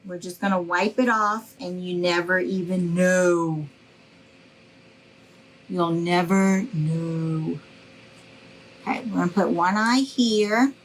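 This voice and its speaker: A woman's voice: lowish voice, moderate pace, few pauses, a little hiss or hum, poor audio. A middle-aged woman, giving a live craft tutorial in a chatty, reassuring way and greeting viewers by name. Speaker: craft instructor.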